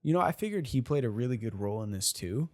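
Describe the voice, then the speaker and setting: Male co-host, average voice, excitable and loose in speech. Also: medium pitch, quick pace. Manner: enthusiastic, rambling, many fillers and laughs. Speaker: podcast co-host. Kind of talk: casual movie review chat.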